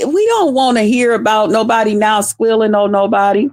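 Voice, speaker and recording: A woman's voice: on the high side, normal speed, a little mellow, no room sound. A middle-aged woman giving blunt, profane livestream commentary, laughing often and greeting chat viewers by name.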